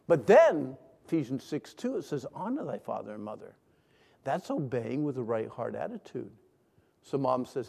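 A middle-aged man preaching a sermon, leading call-and-response and swinging between hushed and loud lines. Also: fairly high pitch, expressive, moderate pace, vocal fry. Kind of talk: sermon to a congregation. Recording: long hall reverb.

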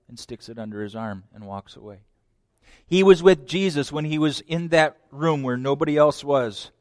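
A man preaching a sermon, dramatic, swinging between loud declarations and hushed lines. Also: a little high, expressive, normal speed, no echo, clean studio sound.

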